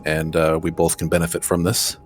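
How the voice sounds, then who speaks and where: A man's voice: low-pitched, fairly quick, a little hiss or hum, lightly acted. A man doing an empty, emotionless character. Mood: detached. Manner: flat, empty, unemotional delivery. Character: emotionless, inhuman-sounding male character. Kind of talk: tabletop role-play, in character.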